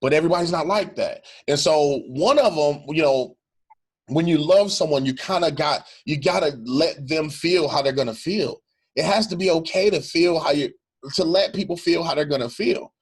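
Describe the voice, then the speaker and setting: A man's voice: on the high side, moderate pace, slightly rough. A middle-aged male pastor talking earnestly in a reflective conversation, repeating phrases for emphasis.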